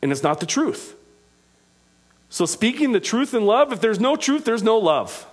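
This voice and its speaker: Passionate preaching man, high voice. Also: big pitch swings, normal speed, husky. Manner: passionate preaching, rising to loud emphatic peaks. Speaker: pastor. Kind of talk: sermon.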